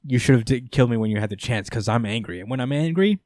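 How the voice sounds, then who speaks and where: A man voicing a calm adult male vigilante hero who speaks low, quiet and coldly threatening. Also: fast talker, dry recording, natural voice. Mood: coldly menacing.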